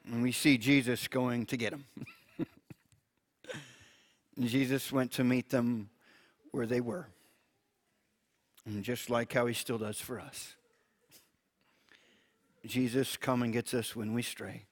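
A man who preaches in a gentle way, reads scripture aloud and chuckles often while he teaches. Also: mid-range voice, level tone, slow, long pauses. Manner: gentle, chuckles often, repeats words when restarting.

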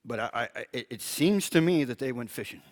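Male preacher with a mid-range voice, gentle, reads scripture aloud and laughs softly. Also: medium pitch, lively intonation, brisk. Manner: gentle, chuckles often, repeats words when restarting. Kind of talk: Bible teaching, reading scripture aloud.

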